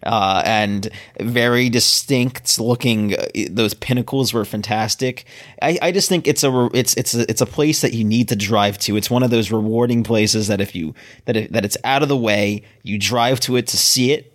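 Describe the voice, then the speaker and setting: Man from Maryland, low voice, rambling casual podcast chat, halting restarts. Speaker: podcast co-host.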